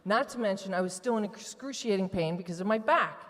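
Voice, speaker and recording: A woman tells her own story on stage to a live audience, candid and emotional, at an everyday mid pitch. Her voice carries a long hall reverb, as in a large event venue. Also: brisk. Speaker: retreat participant giving testimony. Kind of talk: personal testimony to a live audience.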